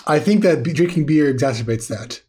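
Husky, higher-voiced male podcast co-host. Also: animated, a little fast, darkish tone. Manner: incredulous, blunt, rambling. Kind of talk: casual comedic podcast chat.

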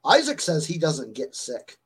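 A man's voice: fairly high pitch, huge pitch swings, measured pace, rough recording. A man hosting a stream, telling a story in a rambling, chatty way full of fillers while still getting over a fever. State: recovering from a fever. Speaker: stream host. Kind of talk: casual chat.

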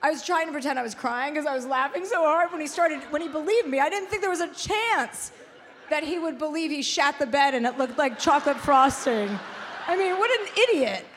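A woman's voice: sits high, brisk, a faint crowd. A woman in her forties hosting a live show, telling a crude story with lots of laughter and swearing. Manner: animated, swears, laughs through her stories. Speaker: podcast host. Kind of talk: live comedic storytelling chat. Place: live stage before an audience. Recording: long hall reverb, faint ambience.

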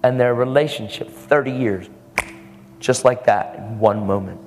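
A man's voice: medium pitch, unhurried, a little mellow. Man preaching in an echoing hall. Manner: storytelling, earnest, acts out quoted voices. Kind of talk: sermon. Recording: long hall reverb with faint music.

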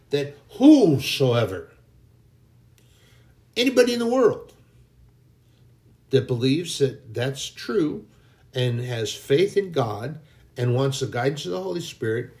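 A man's voice: mid-range voice, warm tone. A man preaching an informal sermon in a folksy, emphatic way, now and then mocking people in a put-on voice.

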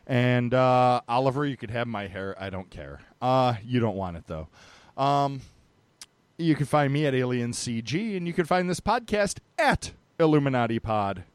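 A man's voice: mid-range voice, lively intonation, moderate pace, clean tone, dry recording. A man hosting a podcast, chatting casually and joking, with a rambling delivery full of fillers. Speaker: podcast host.

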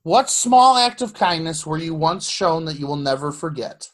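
A man's voice: a little high, animated, moderate pace. A man in casual chat who asks questions and gives thoughtful answers, often repeating words as he starts. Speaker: podcast co-host asking questions.

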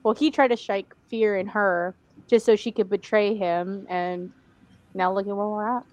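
A young woman co-hosting a casual chat about a TV series, animated and mocking, with some swearing. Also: medium pitch, moderate pace. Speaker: podcast co-host.

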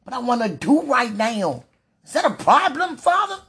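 A woman's voice: fairly high pitch, sing-song, moderate pace, fairly bright tone, breathy edge. A woman, praying aloud in a fervent, pleading, rambling way and laughing between phrases. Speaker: religious speaker. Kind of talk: emotional spoken prayer.

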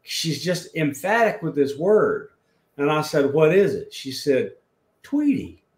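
A man with a South Alabama Southern accent, telling a story as a guest in an unhurried, rambling way. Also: a little high, sing-song. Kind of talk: storytelling in a podcast chat. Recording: roomy echo.

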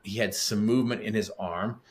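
A middle-aged man appears as a podcast guest, his voice lowish and fairly quick, with fairly even intonation. Conversational and vivid, he narrates a personal story and acts out what people said.

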